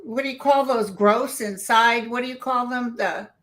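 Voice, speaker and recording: Bright-voiced woman telling a story. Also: fairly high pitch, normal speed. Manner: lively anecdotal storyteller, quotes herself. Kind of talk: casual group chat.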